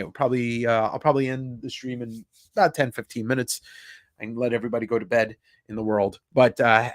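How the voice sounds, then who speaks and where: A man's voice: medium pitch, no echo, clean studio sound. A man hosting a casual live stream, chatting with his viewers, reacting to their comments, laughing and swearing freely. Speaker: livestream host.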